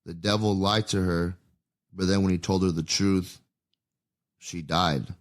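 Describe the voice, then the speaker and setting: A man's voice: low voice, steady tone, measured pace. A man hosting a podcast, reading scripture aloud and stopping to think aloud about it in a loose, conversational way. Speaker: podcast host.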